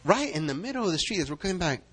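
A man preaching and telling a story to his congregation in an animated way, acting out loud calls. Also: high-pitched, rapid-fire, breathy edge. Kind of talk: storytelling sermon.

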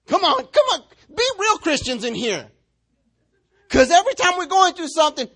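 A preacher who talks fast and high, with his pitch leaping up and down as he works the room. He jokes and acts out the people in his story. His delivery moves between loud bursts and quiet asides. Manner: animated, joking, acts out quotes. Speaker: pastor. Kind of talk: sermon.

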